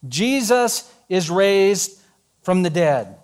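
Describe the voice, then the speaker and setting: A man with a notably high voice preaches a sermon. He keeps it conversational and joking, retelling scripture in plain everyday words the way a pastor talks to his congregation. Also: moderate pace.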